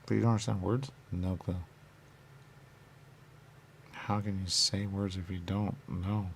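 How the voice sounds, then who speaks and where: A low, gravelly man wanders through a rambling back-and-forth with himself. He repeats words over and over and sometimes drops into a whisper. A faint hiss sits under the recording. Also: fairly even intonation, a little slow. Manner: circular, repetitive musing with sudden whispers. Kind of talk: rambling self-dialogue, asking and answering himself.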